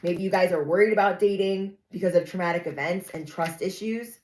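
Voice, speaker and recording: A woman's voice: fairly low pitch, brisk, darkish tone, a little hiss or hum, rough recording. A young adult woman giving a casual, sassy spoken reading to her viewers, often acting out the people she describes. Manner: chatty, sassy, acts out quoted voices. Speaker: tarot reader.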